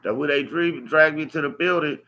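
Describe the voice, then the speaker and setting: A man's voice: fairly high pitch, brisk, bright, forceful tone. A man, telling his own life story to camera in an emphatic, profane way, repeating key phrases. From Los Angeles. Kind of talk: unscripted personal storytelling.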